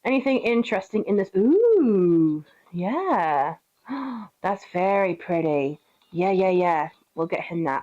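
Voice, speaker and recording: A woman's voice: medium pitch, big pitch swings, slow pace, warm tone, highs cut off. A young British woman giving casual, sweary gameplay commentary, chatting, laughing often and cooing at her pet. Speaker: streamer.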